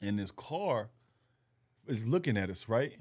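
A man, a comedian guest on a casual podcast, teasing the host and telling stories with animated delivery, acting out the other people in them. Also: on the low side, measured pace, husky, no room sound. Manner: animated storyteller who teases and acts out quoted voices.

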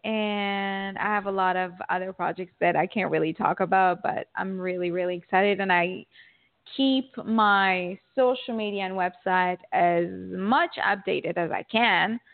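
A woman's voice: medium pitch, a little slow. A woman speaking as a guest in a casual interview, chatty and full of "like" and "you know". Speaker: guest actress. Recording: tinny phone line.

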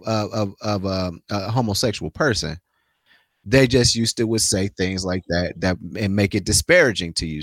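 A man's voice: medium pitch, no room sound. A man co-hosting a casual sports talk podcast, speaking loosely in slang with frequent restarts. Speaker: podcast co-host.

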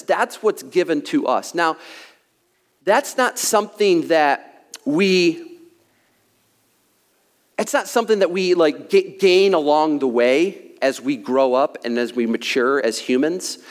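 A man preaching a sermon as a pastor, emphatic and repetitive, sometimes joking at his own expense, out of breath. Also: fairly high pitch. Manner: emphatic preaching with repeated phrases and self-deprecating asides. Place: church sanctuary. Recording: long hall reverb.

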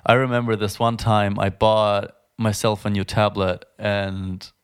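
Smooth-voiced young man chatting on a podcast. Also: fairly low pitch, little pitch movement. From Germany. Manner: chatty, fast-talking, many fillers and restarts. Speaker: podcast co-host. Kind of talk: casual podcast chat.

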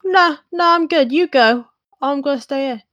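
A woman's voice: sits high, moderate pace, fairly bright tone, dry recording, lo-fi sound. A woman playing a tabletop game, playful and often laughing. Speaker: player. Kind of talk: casual chat during a tabletop game.

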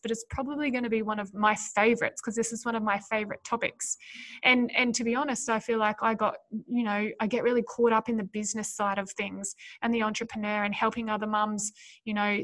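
Woman, podcast host, slightly high voice, earnest and encouraging, speaks right to the listener. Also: a bit bright. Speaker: podcast host and business coach for mothers. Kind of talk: solo podcast talk.

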